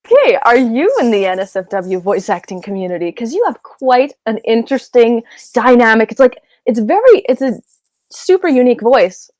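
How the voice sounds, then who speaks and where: Giggly, gushing woman with a brightish voice. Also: fairly high pitch, sing-song, moderate pace, dry recording. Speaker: voice actor being interviewed. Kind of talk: casual interview chat.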